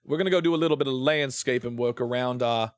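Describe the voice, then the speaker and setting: A man's voice: mid-range voice, fast talker, smooth, no echo. A man streaming a game, rambling playfully about shows and swearing freely as he plays. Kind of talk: casual live-stream chat while gaming.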